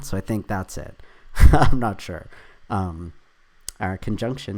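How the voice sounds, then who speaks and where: A man's voice: mid-range voice, a little slow, darkish tone. A man hosting his own video, thinking aloud as he works through a crossword, reading clues half to himself with chatty, self-deprecating asides.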